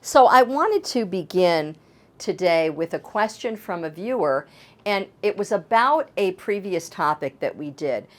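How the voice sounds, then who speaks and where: Low-voiced woman life coach explaining. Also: lively intonation, measured pace. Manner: earnest, explaining with examples. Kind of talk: advice talk.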